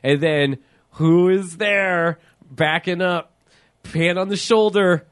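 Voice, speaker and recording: A man's voice: high-pitched, slow, clean tone. A man co-hosting a casual podcast, enthusiastically discussing a horror film and laughing. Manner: enthusiastic, laughing, playful quotes. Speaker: podcast co-host. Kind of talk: casual film recap chat.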